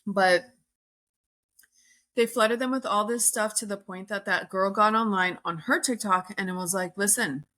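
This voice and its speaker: A woman's voice: medium pitch, normal speed, pushed and bright. A woman hosting a podcast, retelling a story in casual, rambling chat with lots of "like" and acted-out quotes. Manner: chatty, rambling, heavy use of "like", acts out quoted lines. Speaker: podcast host.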